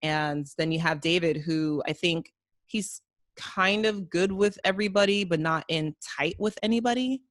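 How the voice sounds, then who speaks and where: Low-voiced woman chatting casually. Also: moderate pace, dry recording. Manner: chatty, many fillers and hedges. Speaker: podcast co-host. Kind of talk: casual chat.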